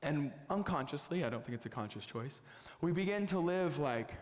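A young man from the United States preaching a sermon as a pastor, telling a family story with lively, excitable bursts. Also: fairly high pitch, normal speed. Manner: storytelling, animated, jumps to loud excited bursts. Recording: long hall reverb.

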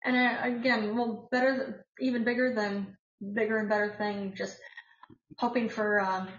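A woman's voice: on the high side, little pitch movement, moderate pace, reverberant, dull audio. An American woman hosting a casual podcast, chatting about the news in a rambling way with many filler words. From United States. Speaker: podcast host.

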